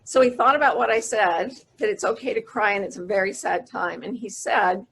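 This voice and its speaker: A woman's voice: mid-range voice, vocal fry, fairly bright tone, slightly rough. A middle-aged woman giving an earnest, intimate storytelling talk over a video call. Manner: earnest, intimate storyteller who slows down for emotional moments. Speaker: wisdom teacher giving a talk.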